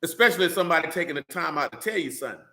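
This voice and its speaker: A man's voice: fairly high pitch, lively intonation, rapid-fire, sharp tone. Fervent, emphatic male preacher in an echoey room. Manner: preachy, repeats "man" and "you understand", rising to emphatic. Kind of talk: sermon with scripture reading.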